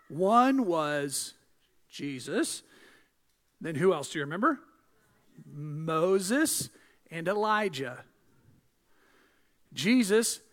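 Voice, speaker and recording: A male pastor preaching a sermon, swinging from hushed asides to loud, emphatic build-ups. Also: high voice.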